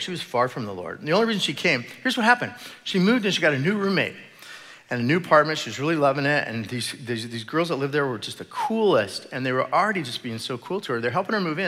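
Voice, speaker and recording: A middle-aged man preaching a sermon in church, telling a story with halting, repeated words. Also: on the high side, big pitch swings, sharp tone. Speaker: pastor. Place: church sanctuary. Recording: echoey church hall.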